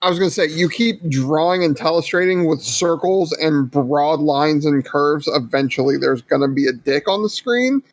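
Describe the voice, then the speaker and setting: A man's voice: a little high, normal speed, few pauses, dry recording. A man playing a tabletop game, dropping wry, joking asides between his moves. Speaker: player.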